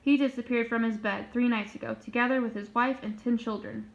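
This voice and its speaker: A woman voicing a calm, matter-of-fact male sultan in a storybook reading. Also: fairly high pitch, fairly quick, gravelly. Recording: dull lo-fi recording.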